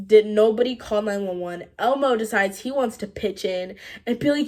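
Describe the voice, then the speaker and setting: A teenage girl telling a storytime vlog, chatty and animated, leaning on "like" and breaking into quick laughs. Her pitch sits in an ordinary middle range for a young woman. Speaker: vlogger.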